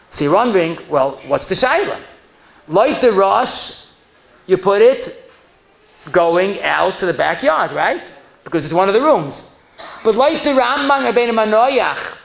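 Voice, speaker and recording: A rabbi teaches lively emphasis, firing off questions and answering them himself. His voice sits high for a man. The room around him rings echo. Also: creaky. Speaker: rabbi teaching a halacha class. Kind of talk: animated Torah lecture.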